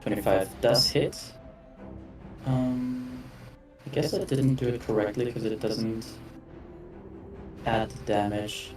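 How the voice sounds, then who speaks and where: Casual game master, echoey distant mic. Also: male voice, medium pitch, fairly even intonation, slow pace, long pauses, darkish tone. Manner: casual, self-correcting, apologetic asides. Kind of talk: narrating a tabletop game. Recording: echoey room with faint background music, mic at a distance.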